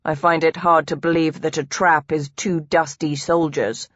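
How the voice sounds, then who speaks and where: A woman's voice: low-pitched, level tone, moderate pace, dry recording, lo-fi sound. A woman voicing a young nobleman who speaks with urgent worry. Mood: uneasy. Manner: urgent, worried. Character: young nobleman, anxious and alert.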